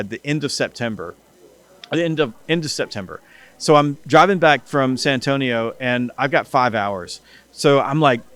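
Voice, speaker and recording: A middle-aged man, a podcast guest, telling animated stories in casual interview talk and acting out bits of dialogue, with frequent restarts. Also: mid-range voice. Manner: animated storyteller who acts out dialogue, with many restarts. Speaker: guest, sales company CEO and author.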